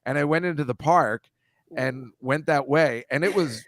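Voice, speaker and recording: A man's voice: on the high side, moderate pace, no echo. A man chatting as a guest on a podcast, rambling and self-deprecating, speeding up when he gets going. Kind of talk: casual chat.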